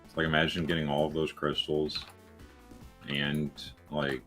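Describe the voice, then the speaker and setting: A man chatting casually while gaming, relaxed and drawn out, with many fillers. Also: a bass voice, a little slow. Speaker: fellow gamer. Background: game music.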